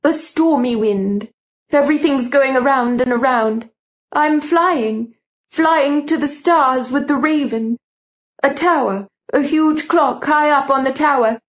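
An old great-aunt seer speaks in a raised, breathless voice, her words climbing toward frantic cries, as a woman reader puts her on. The voice sits high. The recording is dull and lo-fi. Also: slow pace. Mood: entranced, alarmed. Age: older. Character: elderly great-aunt seer lost in a frightened vision.

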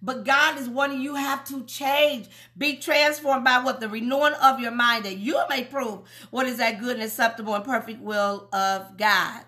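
A woman's voice: a little high, fairly even intonation, pushed and bright. A woman pastor preaching on a livestream, calling out praise, laughing often and reading viewers' comments aloud. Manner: exclaims, laughs often, drawn-out calls of praise.

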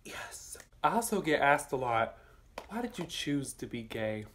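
A man's voice: very animated, measured pace, noisy background. Sassy young Southern man chatting. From southern United States. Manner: sassy, blunt and campy, with bursts of high exclamations; talks with his mouth full. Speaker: vlogger. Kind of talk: casual chat while eating.

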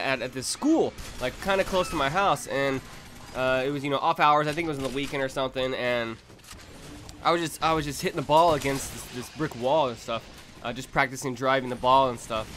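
A man's voice: medium pitch, brisk, pushed and bright, faint music behind. A young man in his twenties telling a rambling, profane story for his vlog, full of restarts and laughs. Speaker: vlogger.

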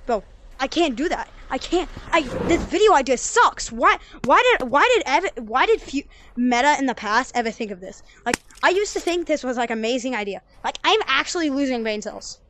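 A young female gamer giving rambling, excitable commentary over her gameplay and yelling when she fails. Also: sits high, normal speed, background noise. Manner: excitable, yells at failures, rambling. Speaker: gaming channel creator.

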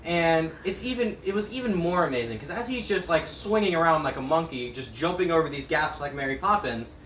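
A teenage boy telling a comic story on a school stage, animated and laughing as he goes. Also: on the high side, brisk, slight background noise. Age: teens. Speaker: talent show performer. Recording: roomy hall, mic at a distance.

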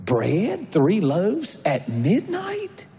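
A man's voice: on the high side, expressive, a little slow, a little mellow, pitched above the performer's own voice. A man doing a grumpy neighbor roused at midnight. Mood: annoyed. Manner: exasperated, with a half-whispered aside. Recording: echoey church hall.

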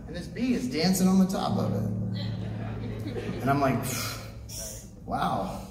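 A man telling a personal story live on a theater stage, earnest and hushed at times, then bursting into loud, excited outbursts. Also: on the high side, measured pace. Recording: echoey theater recording from far off, music underneath.

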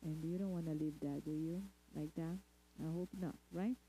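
A woman giving a lecture talk at a spiritist center, speaking deliberately and checking in with the audience. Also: low-pitched, steady tone, warm tone, a little hiss or hum, rough recording. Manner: deliberate, asks the audience "okay?" often.

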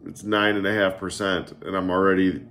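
In a casual beer-tasting vlog, a man reviews beers from his living room, chatty and joking as he gets a bit tipsy and starts to slur slightly. His deep voice stays fairly flat in pitch, and he talks fairly quickly with a fairly bright tone.

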